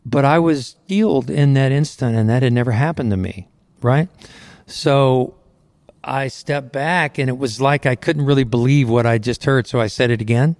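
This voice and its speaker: In a recording studio, a middle-aged man who sings Christian music shares his testimony earnestly and conversationally, sprinkling in "you know." His mid-range voice is a little mellow at normal speed, on a close mic with a dry recording.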